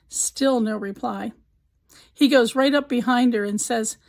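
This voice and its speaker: Gravelly husky lady host telling joke after joke, kinda high voice. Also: fairly even intonation, moderate pace, poor audio. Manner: storytelling with punchline delivery. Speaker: joke teller, channel host. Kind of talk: scripted joke countdown narration.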